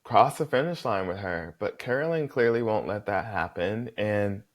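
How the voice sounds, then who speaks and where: A man recapping a reality competition episode in a sassy, animated, chatty way, swearing freely and calling people "girl". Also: fairly low pitch, moderate pace. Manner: chatty, talks straight to the viewer, fillers like "girl" and "like". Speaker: reality show contestant recapping his season.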